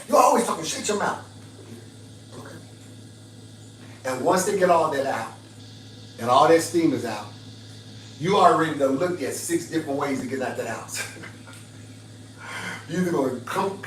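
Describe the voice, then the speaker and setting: A man's voice: a little high, a bit bright, slight background noise. A man hosting a livestream, giving advice in an emphatic, preachy way with repeated phrases and laughing asides. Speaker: livestream host. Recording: roomy, distant mic, faint ambience.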